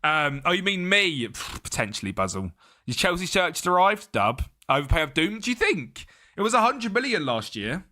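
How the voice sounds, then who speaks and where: A man's voice: a little high, very animated, moderate pace, sharp tone. A young man, chatting casually with his live-stream chat and greeting viewers by name.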